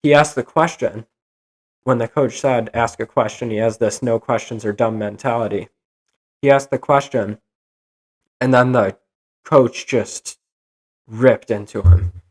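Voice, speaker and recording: A young man hosting a solo podcast, ranting in an exasperated, animated way. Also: medium pitch, measured pace, long pauses. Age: young adult. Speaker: podcast host.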